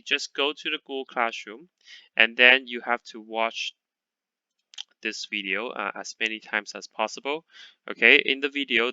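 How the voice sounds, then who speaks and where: A man teaching a lesson to a class in English, patient and repeating words slowly, checking in with "okay?" often. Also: medium pitch, pushed and bright, smooth, no room sound, muffled recording. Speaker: Chinese teacher.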